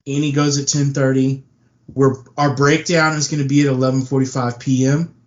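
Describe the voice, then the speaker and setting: A man's voice: mid-range voice, level tone, brisk, lo-fi sound. A man with a Texan accent, co-hosting a podcast in casual chat and joking as he tells stories. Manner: joking, storytelling. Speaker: podcast co-host.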